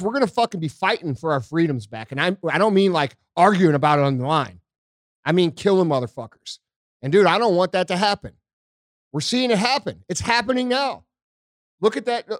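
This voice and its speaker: A man's voice: high voice, no room sound, studio quality. An American man ranting angrily on a podcast, swearing constantly. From United States. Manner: angry, profane ranting. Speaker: podcast co-host.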